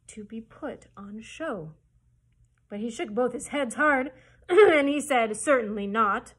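A woman librarian reading a chapter book aloud to children with expressive storytelling. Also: a little high, slightly rough.

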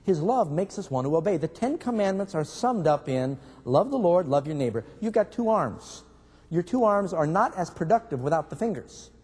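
A man preaches in a somewhat high, husky voice, weaving stories into his sermon and throwing questions to the congregation. His words ring out with a long reverb, as in a large church hall. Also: sing-song, moderate pace, darkish tone. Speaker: pastor.

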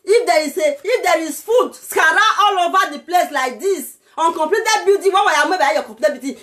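A Nigerian woman with a Nigerian accent, delivering an impassioned political rant to her viewers, shouting and pleading. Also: extremely high pitch, expressive, brisk, hardly any pauses. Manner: shouting, pleading, breaks into laughter. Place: lives abroad in Europe.

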